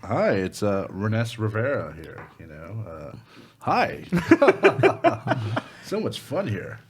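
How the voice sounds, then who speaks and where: A man's voice: on the low side, sing-song, slow, a little hiss or hum. A man who is an actor guest on a casual podcast, answering in a bashful, rambling way and laughing often. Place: podcast studio.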